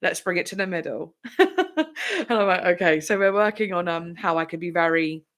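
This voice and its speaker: A woman's voice: fairly low pitch, fairly quick, fairly bright tone. A young woman hosting a live chat with viewers, talking candidly and emotionally, close to tears at times, with lots of fillers. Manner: candid, rambling, frequent fillers, breaks into laughs and tearful bursts. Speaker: livestream host chatting with viewers.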